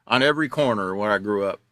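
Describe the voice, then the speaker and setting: A man's voice: lowish voice, expressive, moderate pace, fairly bright tone. An older man teaching a class, reading news articles aloud and mocking them with sarcasm, repeating himself as he goes.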